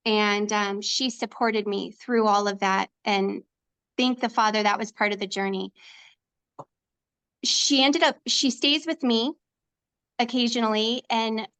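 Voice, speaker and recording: A woman's voice: a little high, a bit bright, clean tone. A woman guest on a faith podcast, telling her story in an emphatic, heartfelt way. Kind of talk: casual faith podcast chat.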